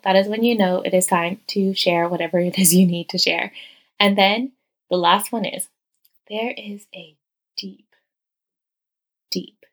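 A woman hosting her own podcast from a guest bedroom, talking casually and warmly into a close mic, full of "like" fillers and slipping into soft whispers. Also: lowish voice, gravelly, poor audio. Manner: heartfelt, chatty, many "like" fillers, dips into whispers. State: teary-eyed. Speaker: podcast host and coach. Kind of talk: casual solo podcast talk. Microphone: close podcast mic, crouched over it.

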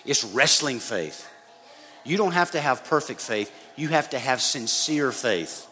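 A man's voice: medium pitch, expressive, a little slow, bright, forceful tone. A man preaching a sermon, speaking conversationally and addressing his listeners directly as guys. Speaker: pastor. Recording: long reverb of a hall, faint noise.

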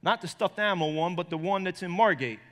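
A middle-aged man preaching a sermon as pastor, swinging from loud high emphasis to low quiet storytelling. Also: fast talker, in a large hall. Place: church.

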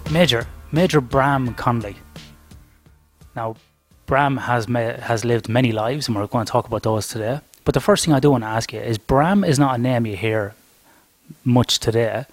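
A man's voice: medium pitch, moderate pace, faint music behind. A man with an Australian accent hosting a podcast interview, asking chatty, curious questions. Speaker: podcast host.

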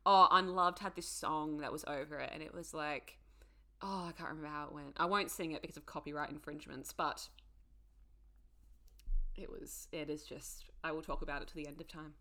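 Woman podcast cohost, gushy and giggly, low-ish bright voice. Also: fairly quick. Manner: excitable, gushing, laughs often. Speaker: podcast co-host. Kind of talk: casual chat.

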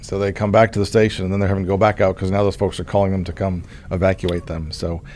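A middle-aged man from Oklahoma hosts a conversation as the state insurance commissioner and tells a story in a relaxed way, often restarting his sentences. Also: low voice, quick pace, slight background noise. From Oklahoma, USA. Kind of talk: casual conversational interview.

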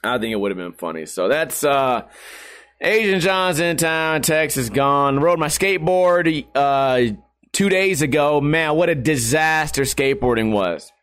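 A man in his thirties with a fairly high voice rambles through a casual vlog. He swears freely, laughs at himself a lot and keeps up a crude, self-mocking streak. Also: animated, a little slow, a bit bright. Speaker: vlogger.

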